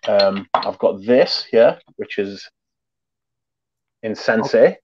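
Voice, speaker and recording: A man chatting casually about his collection over a video call, rambling with many pauses, restarts and swear words. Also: fairly low pitch, expressive, lo-fi sound, noisy background. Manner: laid-back, rambling, many ums and restarts. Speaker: perfume collector guest showing his collection. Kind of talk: casual chat, swearing freely.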